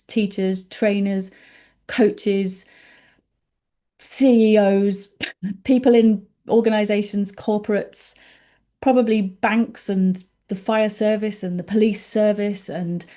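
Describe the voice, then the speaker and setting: A woman's voice: mid-range voice, gravelly, mellow. A woman, a neurodiversity coach, answering interview questions in an earnest, reassuring way. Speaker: ADHD and neurodiversity coach, podcast guest.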